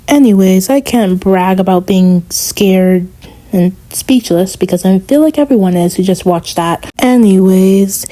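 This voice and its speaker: A woman's voice: mid-range voice, mellow. Chatty woman doing a commentary rant. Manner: chatty, rushed, filler-heavy. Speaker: commentary YouTuber.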